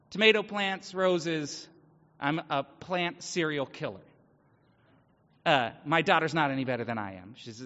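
A man's voice: high voice, fairly bright tone. Chatty joking male pastor, echoing hall. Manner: joking, conversational, acts out quoted voices. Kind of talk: casual sermon. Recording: dull sound with long hall reverb.

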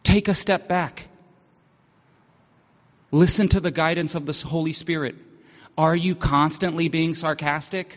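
A man's voice: on the high side, steady tone, a little slow, long pauses. A man preaching a sermon, candid and self-mocking, speaking earnestly about needing help. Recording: dull sound with long hall reverb.

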